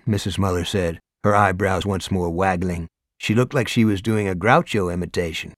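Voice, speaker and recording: A man's voice: deep voice, moderate pace, few pauses, no room sound. A man reading an audiobook aloud, telling the story in a dry, wry way. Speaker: audiobook narrator. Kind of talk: scripted narration.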